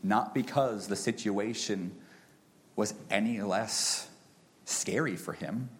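A man in his thirties with a fairly low voice preaches a sermon. He climbs to loud, high peaks, then drops to a soft, hushed delivery. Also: slow. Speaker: pastor.

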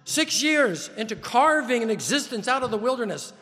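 A man's voice: extremely high pitch, sing-song, moderate pace, sharp tone, long reverb tail, a little hiss or hum. A man preaching a sermon, building his points in emphatic lists with rising stress.

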